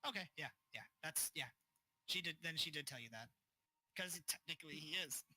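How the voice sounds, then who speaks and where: A man's voice: a little high, normal speed, sharp tone, slightly rough, no echo. A man narrating as game master of a tabletop game, casual and full of fillers. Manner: casual, filler-heavy narration with voiced characters.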